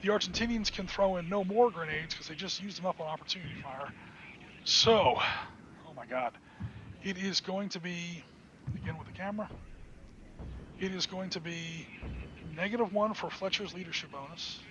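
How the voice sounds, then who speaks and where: A man's voice: high-pitched, normal speed, long pauses. A man hosting a podcast, narrating his own solo tabletop wargame and cheering on his dice rolls as he plays. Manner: excitable, talks to himself while playing. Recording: dull lo-fi sound with clear background noise.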